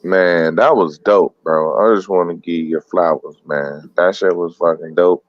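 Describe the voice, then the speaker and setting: A man's voice: sits low, steady tone, measured pace, no echo. A man chatting casually on a stream, laid-back and slangy, with lots of "you know what I'm saying". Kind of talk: casual chat. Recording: dull dry lo-fi sound.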